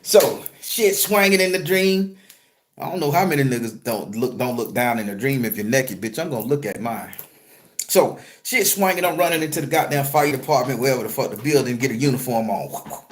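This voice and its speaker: A man telling a personal story in a casual, profane, joking way, jumping from loud excited retelling to a low murmur. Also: brisk, slight background noise. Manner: crude, joking, streetwise slang. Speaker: spiritual content creator and tarot reader.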